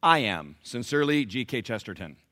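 A middle-aged man preaching a sermon, swinging from loud emphatic lines to quiet low asides and putting questions to the congregation. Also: sing-song, a little fast. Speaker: pastor.

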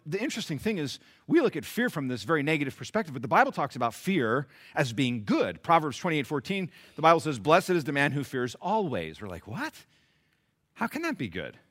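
A man preaching a sermon in a church, animated, swinging from loud emphasis to quiet asides. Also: fairly high pitch, quick pace, hardly any pauses. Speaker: pastor.

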